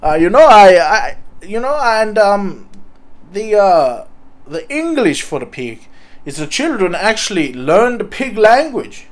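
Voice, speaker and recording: A man voicing a simple-minded male pig farmer who speaks halting broken English with many fillers. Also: sits high, very animated. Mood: rambling. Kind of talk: improvised comedy character.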